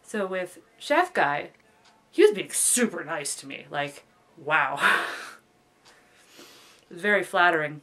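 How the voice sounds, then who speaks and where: A woman's voice: lowish voice, sing-song, slow pace, pauses often, a bit bright. A young woman in a casual confessional vlog, rambling and overthinking with lots of fillers like "like". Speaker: vlogger.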